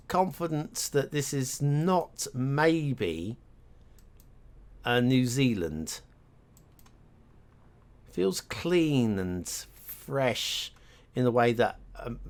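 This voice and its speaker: A man's voice: medium pitch, big pitch swings, very slow, long pauses. A man thinking aloud as he plays a geography guessing game, musing and hesitant, talking half to himself with clicks and typing behind him. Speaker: game streamer. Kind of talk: thinking aloud while playing.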